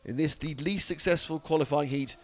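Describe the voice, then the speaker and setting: A man's voice: a little high, fairly quick, darkish tone, slight background noise. A man giving live trackside race commentary with dry, sarcastic humor.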